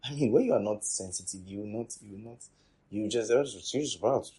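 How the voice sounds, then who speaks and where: Husky-voiced male preacher, emphatic. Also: lowish voice, normal speed. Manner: repetitive, emphatic, swings from loud to quiet. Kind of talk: sermon teaching.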